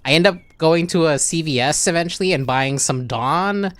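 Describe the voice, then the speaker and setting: A man, a podcast co-host, telling an anecdote in casual chat, animated and swearing often. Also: fairly high pitch, normal speed.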